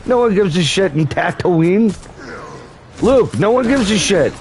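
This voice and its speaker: A man doing a scornful farmer uncle who ranks everyone out. The voice sits a little high and rants on and on in mockery. A faint hiss hangs under it. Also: expressive, unhurried, darkish tone. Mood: mocking. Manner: taunting, scornful, rambling rants. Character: sarcastic mocking farmer uncle, grown man.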